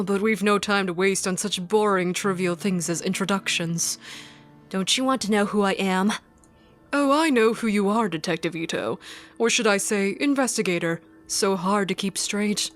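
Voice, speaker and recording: A woman's voice: mid-range voice, natural voice. A woman voicing a mysterious, sinister male collector in a game with a put-on British accent, theatrical and cryptic.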